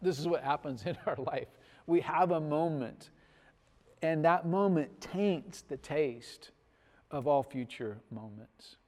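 A man preaching a sermon as pastor, telling a story with big swells in loudness and soft, trailing phrase endings. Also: on the high side, slow, big-room sound. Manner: animated storytelling, swells loud on punchlines, drops soft at ends.

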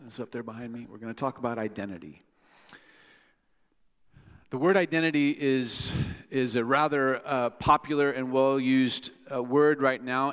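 A man's voice: mid-range voice, fairly bright tone. Middle-aged pastor chatting and joking with his church, mid-range voice, long hall echo. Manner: chatty, joking asides to the congregation. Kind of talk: sermon. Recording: long reverb of a large hall.

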